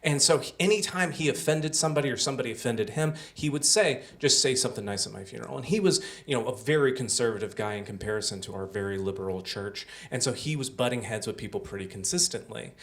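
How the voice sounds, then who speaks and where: A young man tells a personal story live on a small theater stage. His voice sits at an ordinary middle pitch, and he speaks through a stage microphone. He keeps it loose and conversational, with plenty of "like" and "uh" along the way. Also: expressive, quick pace, few pauses, a bit bright. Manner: conversational, filler-heavy with many "like" and "uh".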